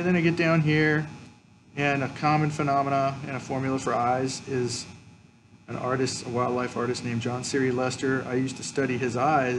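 A man's voice: mid-range voice, background noise. Man teaching a colored pencil demo. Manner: explains step by step, frequent "okay". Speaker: art teacher. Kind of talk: drawing tutorial with demonstration.

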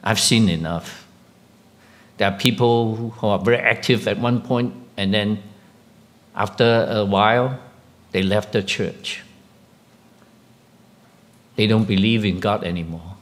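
Slow-speaking pastor preaching a sermon. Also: male voice. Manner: slow, halting delivery with questions to the congregation; rises sharply in pitch and volume when emphatic.

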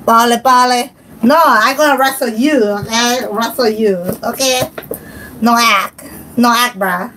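A woman's voice: a little high, measured pace, fairly bright tone, a little hiss or hum, low-quality recording. A young woman, hosting a casual livestream and chatting in a giggly, scattered, playful way. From Hawaii. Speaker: livestream host.

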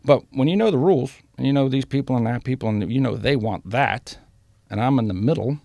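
A man's voice: medium pitch, fairly quick, creaky, darkish tone, no echo, studio quality. A man telling street stories as a podcast guest, blunt and full of profanity. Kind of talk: storytelling in a casual interview.

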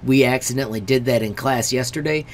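A man's voice: mid-range voice, quick pace, a little hiss or hum. A man, a teacher, walking through a screen-recorded tutorial step by step, friendly and stressing warnings. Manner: friendly, repeatedly says friends.

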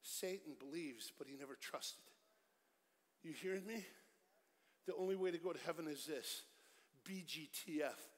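A middle-aged man giving a lively, joking evangelistic sermon at a church concert, swinging from loud storytelling to hushed pleading. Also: fairly high pitch, moderate pace, pauses often. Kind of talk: energetic evangelistic sermon with jokes. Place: large church concert hall. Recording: live church hall with long reverb.

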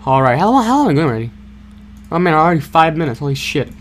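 A young man hosting a gaming channel, giving excitable, jokey play-by-play commentary with stammered repeats and sudden yelps. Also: a little high, rapid-fire, a little hiss or hum. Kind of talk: casual gameplay commentary.

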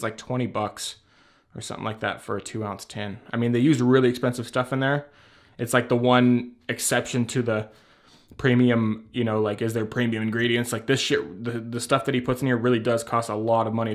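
A man's voice: medium pitch, fairly even intonation, a little fast. Chatty rambling man vlogging at home. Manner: rambling, chatty, swears casually, laughs often. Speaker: beard care vlogger. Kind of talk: casual product show-and-tell. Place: at home by a shelf. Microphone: handheld camera at arm's length.

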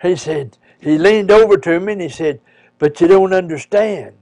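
Halting folksy preacher man. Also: high-pitched, a little mellow, no room sound. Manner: halting, restarts often with long pauses. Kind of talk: folksy personal storytelling.

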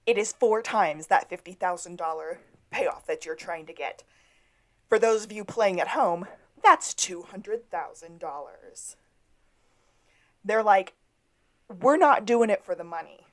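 A woman's voice: fairly low pitch, a little slow, fairly bright tone. A woman co-hosting a podcast, retelling an episode in casual chat and acting out the characters' lines. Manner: storytelling, acts out quotes. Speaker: podcast co-host.

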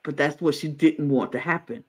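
A man co-hosting a podcast in casual chat, talking in an animated way and acting out other people's words. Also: normal speed, breathy edge, rough recording. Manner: animated, acts out quotes in high exaggerated voices. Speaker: podcast co-host.

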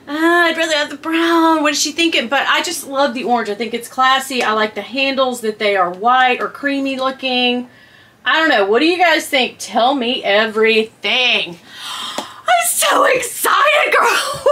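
A woman chatting casually to camera at home, gushing and squealing with excitement as she unboxes a handbag. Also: on the high side, a little hiss or hum.

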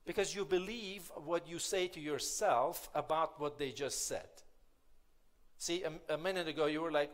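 A man's voice: a little high, a little fast. A man giving a conversational, playful motivational keynote at a conference, often asking the audience questions. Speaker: keynote speaker.

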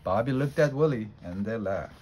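A man with a fairly low voice reads a children's storybook aloud. His reading is steady and plain. He tells the story at an easy pace, line by line. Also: moderate pace, a little hiss or hum, low-quality recording. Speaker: storybook reader.

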